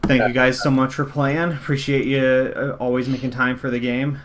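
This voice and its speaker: A man running a tabletop game as game master, narrating in a relaxed, rambling way. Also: medium pitch, moderate pace, noisy background. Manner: relaxed, rambling wrap-up with fillers.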